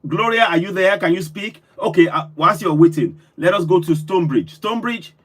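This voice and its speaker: Husky effusive call-in host, man. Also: high-pitched, expressive, fairly quick. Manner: warm, effusive, repeats thanks. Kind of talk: hosting a live call-in stream.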